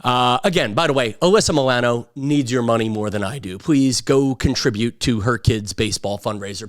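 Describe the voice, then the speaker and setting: A man's voice: fairly high pitch, a bit bright. A man in his fifties from Long Island, hosting a podcast in a rambling, sarcastic and self-mocking casual monologue. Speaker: podcast host.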